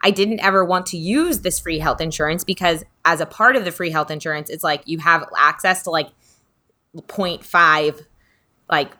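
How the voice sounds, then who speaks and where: A woman's voice: on the low side, moderate pace, bright, forceful tone. A woman talking in a casual, rambling, reflective way, with lots of fillers, as a podcast co-host. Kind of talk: casual spiritual chat.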